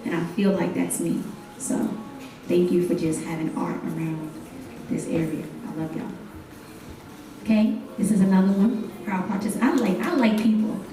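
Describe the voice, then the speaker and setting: A young woman performing spoken word poetry on a live stage, speaking in rhythmic refrains and leading call-and-response, rising into intense, loud gasps and cries. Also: medium pitch, noisy background. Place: hotel event stage, live audience. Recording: very echoey room, voice from far off.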